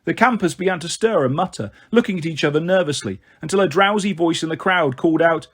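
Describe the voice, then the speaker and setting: A man reading a fantasy novel aloud as narration, slowing down for the verse lines. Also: fairly high pitch, fairly bright tone. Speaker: audiobook reader. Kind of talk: storybook narration with light character voices.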